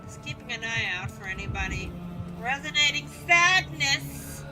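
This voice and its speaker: Woman streamer, high voice, unhurried playful commentary, game music behind. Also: expressive, low-quality recording. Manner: playful, chatty, swears freely, muttering asides. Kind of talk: casual gameplay commentary.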